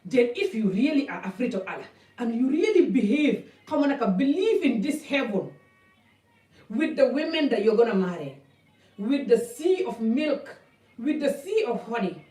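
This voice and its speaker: A woman's voice: a little high, very animated, measured pace, warm tone. A woman vlogger talking passionately to camera in a blunt, rambling way, with some distance from the mic. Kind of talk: personal talk to camera. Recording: echoey room, mic at a distance.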